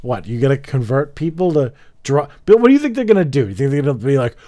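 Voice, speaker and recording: Sarcastic man with a lively voice, dry sound. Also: mid-range voice, fast talker, no room sound. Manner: joking, sarcastic, interrupts with quips. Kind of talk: casual chat.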